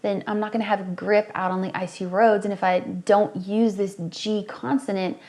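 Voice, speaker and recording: A young woman coaching singers through a worship song, explaining technique calmly and demonstrating with bright sung examples. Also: mid-range voice, moderate pace. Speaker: vocal coach. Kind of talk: singing lesson with sung demonstrations.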